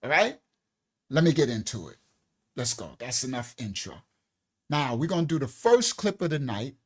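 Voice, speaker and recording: A man's voice: mid-range voice, very animated, moderate pace, husky. A man hosting a ministry show, giving casual preaching-style commentary in loose street talk, emphatic and full of check-ins with his listeners. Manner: emphatic, repeats himself, keeps checking in with listeners. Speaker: ministry host.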